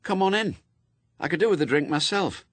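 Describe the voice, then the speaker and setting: A man's voice: a little high, animated, brisk, no room sound, voice pushed up. A man voicing a dry, knowing young woman occultist in an audiobook reading. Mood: brisk.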